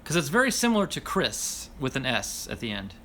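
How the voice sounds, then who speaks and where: A man's voice: mid-range voice, wildly swooping pitch, a little fast, sharp tone, slight background noise. A man hosting a casual livestream and reading viewer comments aloud, apologetic and self-deprecating, laughing often as he stumbles over names. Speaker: livestream host.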